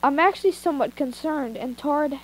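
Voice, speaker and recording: A woman's voice: high voice, normal speed, poor audio. A woman reading fanfiction aloud in an informal way, breaking off for asides and retakes, recorded on a phone. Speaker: fanfiction reader. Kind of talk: amateur story reading.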